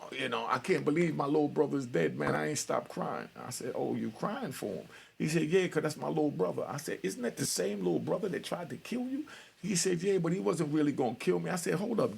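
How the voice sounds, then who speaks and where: Gravelly-voiced man telling a street story. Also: a little high. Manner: street-talking, retells conversations with quoted voices. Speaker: storyteller host. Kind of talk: casual spoken storytelling.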